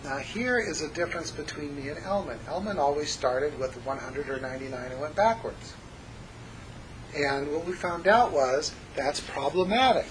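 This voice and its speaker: A man teaching a hypnosis class, jumping between a lively, joking lecture voice and soft, slow hypnotic demonstrations. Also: a little high, noisy background. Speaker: hypnosis instructor. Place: classroom with students.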